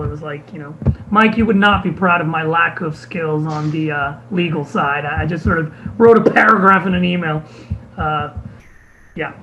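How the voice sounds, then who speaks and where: A bandleader, a man with a high, lively voice, tells a story to an audience in a loose, chatty way. He slips into the voices of the people he quotes and often restarts his sentences. The recording is slightly dull, with faint room sound behind. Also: a little hiss or hum. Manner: animated, acts out quoted voices, many restarts. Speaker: bandleader telling a story on stage. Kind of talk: casual storytelling to a live audience.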